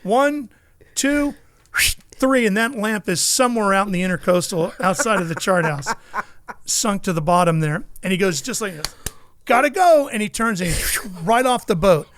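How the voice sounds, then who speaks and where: High-voiced, animated storytelling man. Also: fairly quick, dry recording. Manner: lively anecdotal storyteller, acts out the people in his stories. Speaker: motorsports broadcaster, guest. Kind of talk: animated storytelling in a podcast interview.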